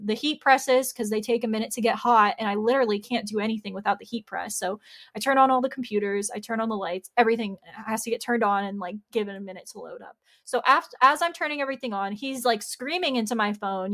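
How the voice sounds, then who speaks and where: A woman's voice: a little high, a bit bright. A young woman podcast host telling a workplace story in a casual, chatty way, peppering it with "like" and acting out the back-and-forth. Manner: chatty, heavy use of "like", acts out quoted exchanges.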